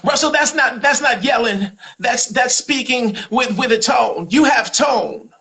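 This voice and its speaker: A man's voice: very high-pitched, a little slow, vocal fry, sharp tone, voice pushed up, heavily acted. A man voicing an indignant, proud woman comedian who scolds and protests in a sassy manner. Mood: defensive. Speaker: comedian doing impressions.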